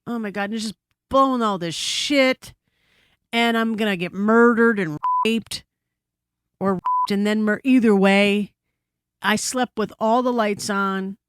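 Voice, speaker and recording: A woman guest on a podcast telling a story in casual chat, animated and full of swearing and asides, recorded in a studio. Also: mid-range voice, unhurried, smooth, dry recording. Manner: animated, profane, frequent asides.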